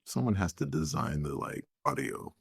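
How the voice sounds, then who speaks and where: A laid-back man co-hosting a podcast, dropping quick quips in casual chat. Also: rumbling low, lively intonation, vocal fry, husky. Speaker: podcast co-host.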